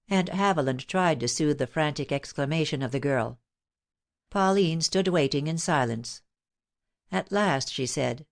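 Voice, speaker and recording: Low-voiced woman reading a mystery. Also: measured pace, vocal fry. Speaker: audiobook narrator. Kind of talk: scripted narration.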